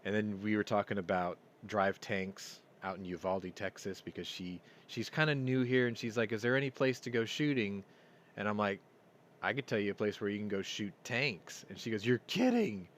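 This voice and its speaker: A man hosting a casual live-stream chat, rambling through stories and getting loud and excited as he tells them. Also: lowish voice, moderate pace, a little hiss or hum. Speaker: podcast host. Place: home room. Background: yard work outside.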